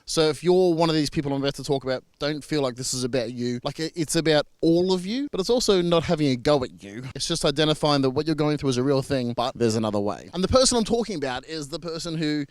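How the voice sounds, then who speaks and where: An Australian man talks casually to camera in a fairly high voice, chatty and reassuring, often restarting his sentences. The recording is dry and close. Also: animated, fast talker, hardly any pauses, no echo. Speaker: marriage celebrant.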